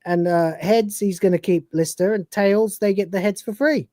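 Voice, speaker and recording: A woman's voice: mid-range voice, moderate pace, warm tone, dry recording. A woman co-hosting a live stream, giving a rambling, profane, casual recap of a TV episode and acting out its scenes. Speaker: podcast co-host.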